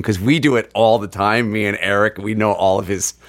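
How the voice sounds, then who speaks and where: A man, a guitarist, chatting casually on a podcast with a hoarse voice. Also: fairly low pitch, steady tone, brisk, hardly any pauses, a bit bright. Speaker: guitarist, co-host. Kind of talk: casual chat.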